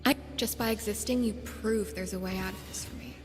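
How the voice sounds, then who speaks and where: A woman's voice: mid-range voice, fairly even intonation, brisk, close to an everyday voice. A woman voicing a wry female scientist character in a video game, with a dry, earnest delivery. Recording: game audio with reverb and music.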